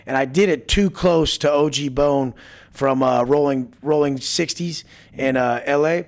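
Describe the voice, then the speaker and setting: A man with a slightly high, slightly slow voice appears as a guest in a casual storytelling interview. He tells stories bluntly, swears heavily, and acts out the lines he quotes.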